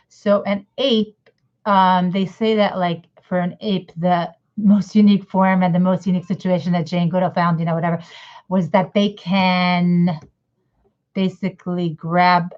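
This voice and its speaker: A woman giving a casual, rambling lesson to parents, often acting out little mock dialogues. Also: medium pitch. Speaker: educator. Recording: slightly dull lo-fi audio.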